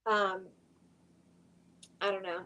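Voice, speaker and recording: A woman's voice: medium pitch, level tone, takes it slowly, bright, forceful tone, low-quality recording. A woman speaking as a podcast guest in casual chat, frank and plain-spoken.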